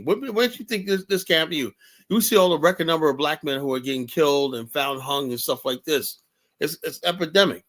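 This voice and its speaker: A man's voice: fairly high pitch, fast talker, a bit bright. A man hosting a reaction commentary stream, talking emphatically and repeating his points. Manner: emphatic, repetitive. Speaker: host.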